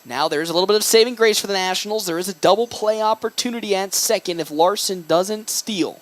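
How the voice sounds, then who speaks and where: A young man calling baseball play-by-play, excitable and rising on big plays. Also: sits high, fairly quick. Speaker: play-by-play announcer.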